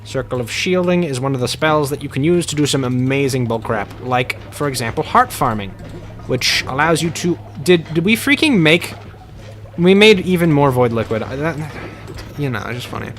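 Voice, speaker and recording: A man's voice: medium pitch, animated, normal speed, fairly bright tone, faint music behind. A man streaming a game, chatting casually and playfully with his viewers in a rambling way.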